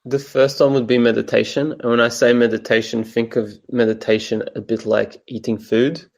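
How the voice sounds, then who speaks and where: A man with an Australian accent, a coach speaking as an interview guest, calm and thoughtful with soft pauses. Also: mid-range voice, vocal fry. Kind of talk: reflective interview answers.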